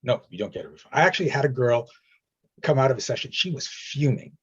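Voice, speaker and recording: A man's voice: medium pitch, expressive, quick pace, breathy edge, dull audio. A man leading a coaching session, talking directly and reassuringly and acting out stories in quoted voices. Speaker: energy healing coach.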